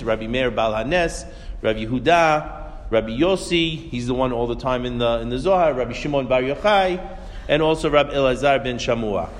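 A man teaching a religious class, telling stories animatedly and asking rhetorical questions. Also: mid-range voice. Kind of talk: Torah class lecture. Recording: echoey hall reverb.

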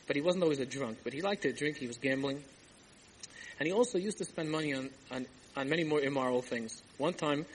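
A man's voice: medium pitch, husky, rough recording. A man telling a Hasidic tale as a rabbi in a sermon, acting out the dialogue and dropping Yiddish and Hebrew words as he goes. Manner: animated storyteller, acts out dialogue, Yiddish-laced asides. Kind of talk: storytelling sermon. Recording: archival tape with faint background ambience.

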